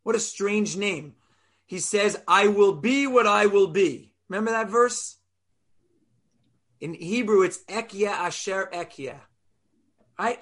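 A man teaching a Torah lesson, animated, asking rhetorical questions and sounding out Hebrew letters aloud. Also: high-pitched.

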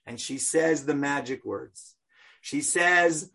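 A man retells a story as a lesson, lively and playful. He keeps asking rhetorical questions. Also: on the high side, slow pace, creaky, breathy edge.

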